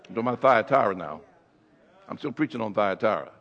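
A male pastor preaching a sermon, swinging from hushed storytelling to shouted exhortation. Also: lowish voice, animated, fast, long reverb tail, dull audio. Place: church sanctuary.

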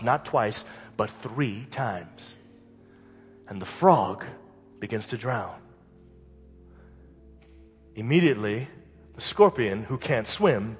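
A male pastor delivers a sermon, animated and fervent, sometimes pushing to loud peaks. His voice is husky and swings widely in pitch. The sound carries the long reverb of a church hall. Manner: animated, building to shouted climaxes.

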